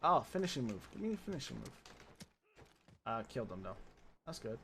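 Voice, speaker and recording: A man talking casually over his own gameplay, chatty and self-mocking, with sudden loud bursts of frustration. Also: mid-range voice, big pitch swings, fairly quick, vocal fry, a little hiss or hum. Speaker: gaming streamer.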